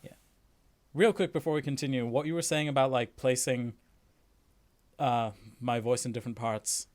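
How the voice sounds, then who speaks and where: A man hosting a stream, chatting in a relaxed way and thinking aloud. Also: medium pitch, normal speed. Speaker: streamer host. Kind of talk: casual chat on a stream.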